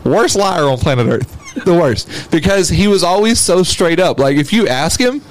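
A man's voice: a little high, lively intonation, normal speed, rough recording. A man co-hosting a podcast, telling family stories in casual chat, laughing often and acting out quotes. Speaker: podcast co-host.

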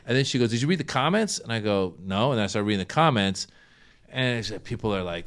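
A man's voice: mid-range voice, quick pace, smooth. A middle-aged man, a comedian guest in a casual podcast chat, telling stories and acting out quotes with big jumps in voice. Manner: animated storyteller who acts out quotes loudly.

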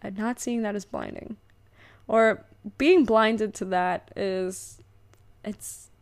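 A woman's voice: mid-range voice, slow. A young woman hosting her own podcast, talking casually and rambling, with lots of fillers and self-corrections. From United States. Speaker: podcast host. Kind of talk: casual solo podcast monologue.

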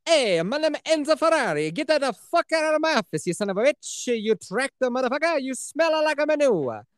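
Man doing a high-pitched mock Italian accent, arrogant car boss, shouting insults, exaggerated. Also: big pitch swings, fairly quick, dry recording, clean studio sound. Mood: contemptuous. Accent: Italian (put on). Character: hot-headed male Italian carmaker, arrogant and insulting.

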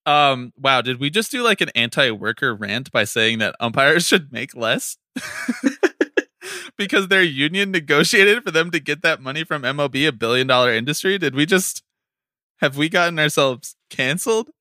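A man co-hosting a casual sports chat, ranting in an animated way, swearing and laughing often. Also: on the high side, normal speed, no echo, studio quality. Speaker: podcast co-host.

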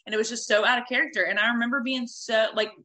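Woman, thirties, bright tone, animated confessional storyteller who swears freely. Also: a little high, quick pace, low-quality recording. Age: 30s. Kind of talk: candid storytelling.

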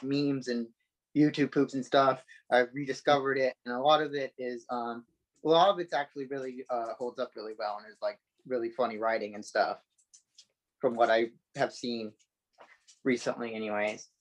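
A man's voice: medium pitch, poor audio. A man as a podcast guest, joking loosely with many ums. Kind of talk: casual podcast chat.

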